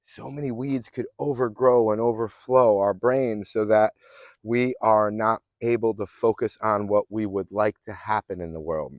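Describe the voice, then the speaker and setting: A man's voice: on the low side, dry recording. Earnest motivational coach, a man. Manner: earnest, affirming, with rambling restarts. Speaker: fitness and mindset coach. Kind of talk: motivational self-help talk.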